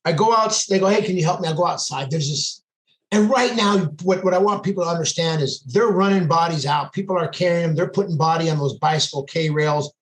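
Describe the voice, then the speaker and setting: Brisk and a bit high in pitch, a police sergeant narrates a casual story on a podcast, acting out the dialogue with intensity. The space sounds echoey.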